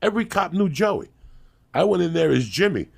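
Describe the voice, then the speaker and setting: A Cuban-American comedian in his fifties, guesting on a podcast, tells brash, profane comic stories and acts out the characters in them. His high-sitting voice is animated and fairly quick, with vocal fry and a breathy edge.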